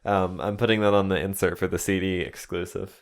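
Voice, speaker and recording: A man's voice: deep voice, level tone, fairly quick. A man co-hosting a podcast in casual chat, reading out patron names and joking loosely with the occasional swear. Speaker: podcast co-host.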